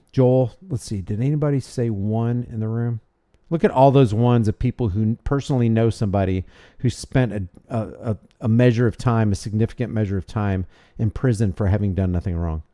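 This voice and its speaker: A man hosts a casual livestream and reads his viewers' messages aloud. His voice sits in the middle range with a mellow, dark tone. He rambles and restarts sentences as he thanks people by name. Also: mid-range voice. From United States. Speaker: livestream host. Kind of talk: casual livestream chat reading super chats.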